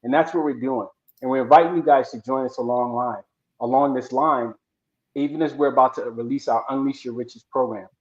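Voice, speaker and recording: A man's voice: medium pitch, steady tone, a little fast, a little mellow. A man co-hosting a show, casually retelling a folk story to make an earnest motivational point. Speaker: podcast co-host. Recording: roomy, dull lo-fi audio.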